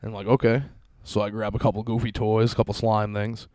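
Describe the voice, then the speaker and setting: A man in his thirties talks through a solo podcast episode from his basement, swearing freely and mocking himself as he rambles. His voice sits on the low side, and the close mic sounds dry with hardly any room sound. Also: monotone, fast, a little mellow, no room sound. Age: 30s. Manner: profane, self-mocking rambling storytelling. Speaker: podcast host. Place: basement at home.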